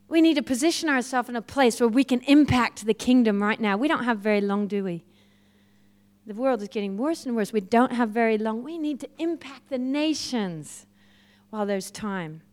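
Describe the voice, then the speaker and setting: A woman preaching a sermon, telling personal stories in a lively way and laughing often. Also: fairly high pitch, moderate pace. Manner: lively storytelling, laughs often, acts out quoted voices. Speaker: guest preacher.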